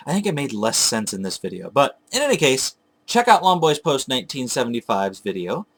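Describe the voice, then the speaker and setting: A man's voice: mid-range voice, big pitch swings, a little fast, fairly bright tone. A man telling a long, digressive story about hunting for old video games, chatting casually to his viewers and correcting himself as he goes. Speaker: retro game collector vlogger. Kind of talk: casual rambling storytelling to camera.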